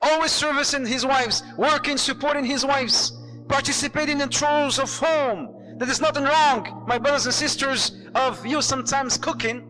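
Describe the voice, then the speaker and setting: A man preaching to a live audience. He tells stories in an animated way, acts out the voices and mixes Arabic phrases into his talk. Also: extremely high pitch, moderate pace, in a large hall, faint music behind. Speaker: Islamic preacher.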